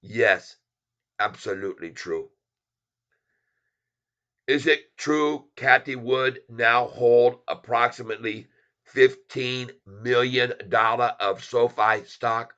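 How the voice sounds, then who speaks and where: A man's voice: medium pitch, very slow, pauses often, bright, forceful tone, muffled recording. A man doing a joking foreign-accent voice in broken English. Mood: emphatic. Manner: broken English, jokey and teasing. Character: playful grown man in a put-on foreign accent. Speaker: stock channel host.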